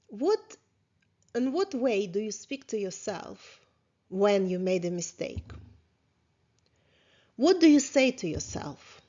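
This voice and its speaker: A woman therapist leading a guided self-reflection lesson, talking calmly and asking many questions, with small grammar slips. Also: mid-range voice. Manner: slow, calm, questioning, with small grammar slips of a non-native speaker. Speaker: therapist teaching a course. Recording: slightly dull lo-fi sound.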